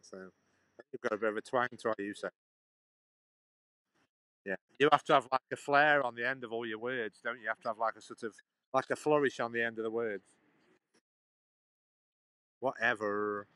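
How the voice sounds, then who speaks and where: A man's voice: medium pitch, steady tone, fairly quick, pauses often, bright, forceful tone, no room sound, rough recording. A man rambling on a live stream outdoors, chatting back to his viewers. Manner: chatty, meandering, answers chat questions. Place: outdoors in a sunny town.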